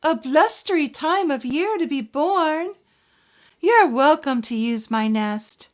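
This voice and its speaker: A gentle storybook dove coos in a very high, soft voice, put on by a woman storyteller. It speaks kindly and without hurry, with a light, airy lilt. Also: animated, takes it slowly. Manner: cooing, very high.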